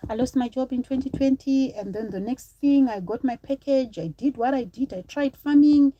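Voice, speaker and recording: A woman's voice: high-pitched, moderate pace, mellow, muffled recording. A woman from Zimbabwe in her thirties, chatting on a live stream, telling a personal story to viewers and breaking off to thank supporters.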